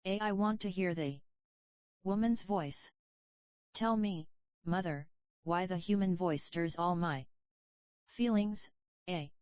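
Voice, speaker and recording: A woman's voice: lowish voice, slow pace, long pauses, a little mellow, dry recording. A woman voicing a curious wild boy raised by toads, asking eager questions, in a dull lo-fi recording. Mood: impatient.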